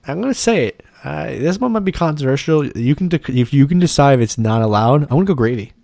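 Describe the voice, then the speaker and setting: A man co-hosting a podcast, joking loudly and crudely with a friend in casual banter, often trailing off mid-thought. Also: mid-range voice, lively intonation, fast talker, creaky.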